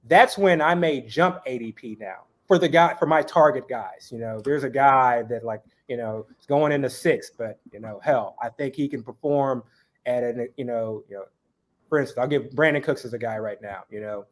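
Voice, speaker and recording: Guy guest on a chat show, rambly, tons of fillers, regular pitch. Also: moderate pace. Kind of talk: casual interview chat.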